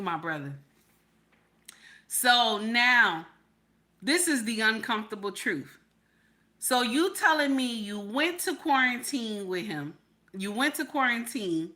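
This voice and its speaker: A woman's voice: fairly high pitch, sharp tone. A woman hosting a livestream, reacting to a story in heated commentary, repeating her questions and swearing freely.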